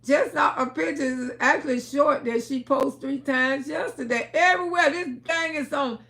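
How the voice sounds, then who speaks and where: A high-voiced woman with a gravelly edge talks straight to her livestream audience. She is emphatic, dropping to a hush one moment and shouting the next. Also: normal speed. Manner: emphatic, swings between hushed and shouting. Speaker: livestream host. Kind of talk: casual storytelling livestream.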